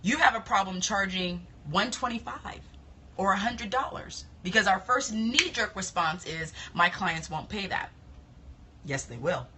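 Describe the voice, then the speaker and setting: A woman's voice: medium pitch, lively intonation, moderate pace, bright, forceful tone, a little hiss or hum. A woman, coaching other estheticians in casual live-stream talk, confident and emphatic, often repeating her points.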